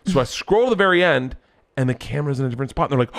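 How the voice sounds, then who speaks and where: Man, middle-aged, animated storyteller, acts out voices, lively intonation. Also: mid-range voice, very fast. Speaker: comedian guest.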